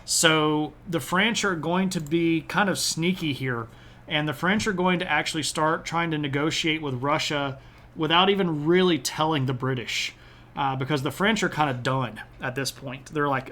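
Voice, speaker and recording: A man's voice: fairly high pitch, moderate pace, pushed and bright. A man giving a casual, chatty history lecture on a live stream, with frequent "uh" and "um" fillers. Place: home streaming setup.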